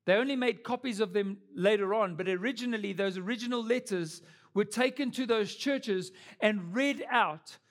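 A man's voice: high voice, normal speed, fairly bright tone. A young adult man preaching a sermon as pastor, earnest and building to emphatic peaks.

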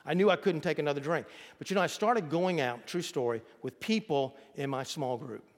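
A man's voice: a little high, a little fast, long reverb tail. A pastor delivering a sermon to his congregation, reading scripture aloud and calling on them to repeat words back. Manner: preaching, reads scripture aloud and leads the congregation in call-and-response. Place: church sanctuary.

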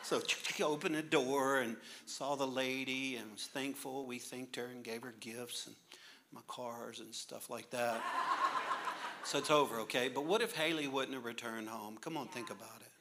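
A man's voice: mid-range voice, steady tone, normal speed, noisy background. A male pastor preaching a sermon with humorous stories, jokey and laughing through his lines.

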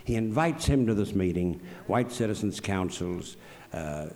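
A man at a public forum telling stories and giving opinions in an animated way, firing off rhetorical questions. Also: sits low, unhurried. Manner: acts out quoted voices, emphatic rhetorical questions. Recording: long hall reverb.

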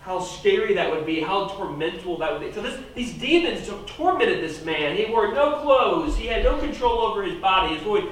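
A man preaching a sermon in an animated way, pushing his voice up and then dropping it low for emphasis. His voice sits high. He is recorded from a distance in a very echoey room. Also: normal speed, few pauses, slight background noise.

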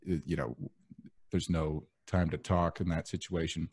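Brief: young male podcast host, deep voice, loose rambling chat, dry close mic. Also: measured pace, slightly rough, no echo. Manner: relaxed, rambling, full of fillers.

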